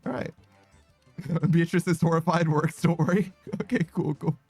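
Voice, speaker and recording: A man chats loosely with his stream viewers as he plays, his voice sitting a little high for a man. He rambles, second-guesses himself and breaks into laughter often. Faint music plays underneath. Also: moderate pace, darkish tone, husky, no echo. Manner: giggly, rambling, self-conscious. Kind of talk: casual chat with viewers while gaming.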